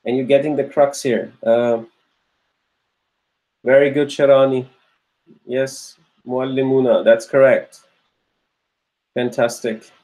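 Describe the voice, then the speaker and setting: A man's voice: medium pitch, little pitch movement, slow, long pauses, warm tone, poor audio. A man teaching an online grammar class, patiently repeating his questions and praising students by name as they answer. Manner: patient, encouraging drill questioning. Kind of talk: live online class lecture.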